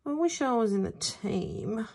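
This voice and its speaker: A woman's voice: big pitch swings, unhurried, a little mellow, heavily acted. A woman voicing a shy, eager young boy who longs to play football, in a storybook read aloud. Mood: pleading. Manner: timid, pleading, high and breathy.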